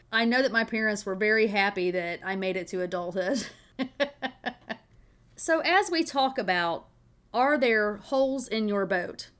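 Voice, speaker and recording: A woman's voice: mid-range voice, fairly bright tone, smooth. Upbeat woman hosting a podcast. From Tennessee, USA. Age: adult with children. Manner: upbeat, folksy storytelling with rhetorical questions. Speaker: podcast host. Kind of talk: motivational podcast monologue.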